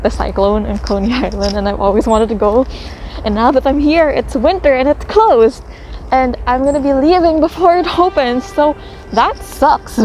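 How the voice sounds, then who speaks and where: A woman's voice: on the high side, darkish tone, a little hiss or hum, low-quality recording. Chatty young woman vlogging on the go. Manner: chatty, self-deprecating, many fillers. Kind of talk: casual vlog narration. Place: outdoors and on transit around a city.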